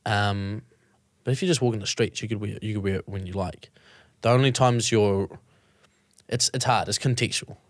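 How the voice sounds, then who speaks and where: A man chats casually on a podcast, his voice sitting low. He rambles with many restarts and the odd swear, recorded dry and close with no room sound. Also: moderate pace, no room sound. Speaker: podcast host. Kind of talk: casual chat.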